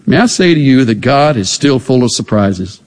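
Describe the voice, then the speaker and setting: A man preaching a sermon, animated and emphatic, pressing his listeners with pointed rhetorical questions. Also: mid-range voice, normal speed. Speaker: pastor. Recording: echoey hall.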